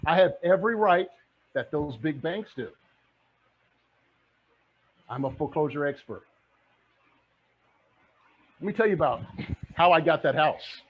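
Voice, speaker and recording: A man's voice: fairly high pitch, expressive, a little slow, long pauses, breathy edge. A middle-aged man giving a motivational talk as a real estate mentor, fired up and repeating his points like a preacher. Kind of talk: motivational presentation. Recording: muffled lo-fi audio.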